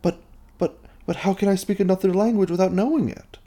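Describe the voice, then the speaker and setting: A man's voice: high-pitched, mellow, pitched above the performer's own voice. A man briefly quoting a young male wizard student who sounds earnest and puzzled. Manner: quick offhand retelling of lines.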